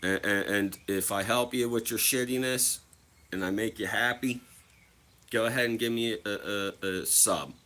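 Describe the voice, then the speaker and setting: A man's voice: fairly low pitch, unhurried, pushed and bright. A young man telling stories casually to his viewers, swearing freely and acting out other people's voices. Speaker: livestreamer.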